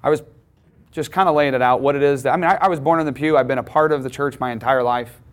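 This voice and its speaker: Man preaching with emphatic rises. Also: fast talker. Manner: conversational, emphatic preaching with rising pitch on key lines. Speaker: pastor. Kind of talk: teaching sermon.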